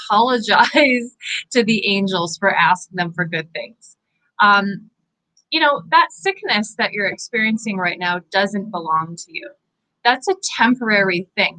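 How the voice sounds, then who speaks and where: A Canadian woman, a psychic medium, giving an earnest, encouraging inspirational talk to viewers, animated and full of fillers. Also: medium pitch, rough recording. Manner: animated, gestures with her hands. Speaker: psychic medium hosting live angel readings.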